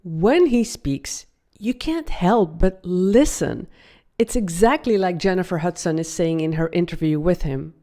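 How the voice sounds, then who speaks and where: A woman voice coach teaching a video lesson, upbeat and demonstrative, slowing her delivery for effect. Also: on the low side, lively intonation, mellow.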